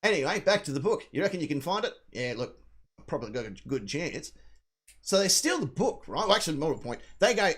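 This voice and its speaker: This is a man telling a film's story on a live talk show, dropping into the characters' lines as he goes. He swears freely and rambles. His voice sits a little high for a man and swings widely in pitch. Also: sing-song, fast talker, fairly bright tone, breathy edge. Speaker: co-host. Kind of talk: casual chat, retelling a film plot.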